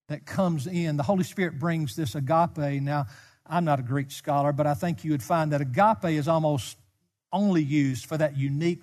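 A man preaching a sermon as a pastor, speaking with passion and sometimes rising to near-shouts. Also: fairly high pitch. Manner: impassioned, rises to near-shouts. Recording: long hall reverb.

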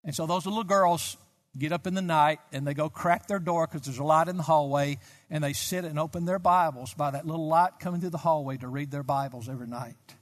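A man's voice: fairly high pitch, fairly quick. A man in his sixties, a Baptist pastor, preaching a sermon with emphatic delivery that climbs to fervent peaks. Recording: long hall reverb.

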